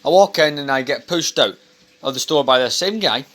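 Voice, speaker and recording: A man's voice: a little high, animated, normal speed, fairly bright tone. A young man vlogging at home over dinner, talking casually in a rambling, blunt and sweary way. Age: young adult. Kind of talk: casual chat to camera.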